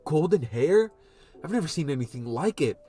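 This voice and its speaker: A man voicing an excitable teenage boy classmate who talks in hyped slang. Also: a little high, moderate pace, slightly rough, faint music behind, pitched above the performer's own voice. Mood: excited.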